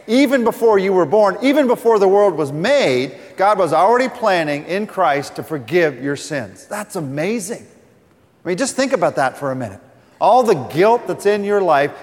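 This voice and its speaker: A man's voice: on the high side, big-room sound. Earnest male pastor, raised voice. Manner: earnest, reads scripture aloud. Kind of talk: sermon.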